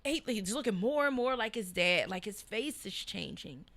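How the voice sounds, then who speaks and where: A woman in her thirties co-hosting a podcast, telling candid stories in a casual, animated way. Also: mid-range voice, moderate pace. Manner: candid, animated storytelling with voiced quotes. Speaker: podcast co-host. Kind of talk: casual chat.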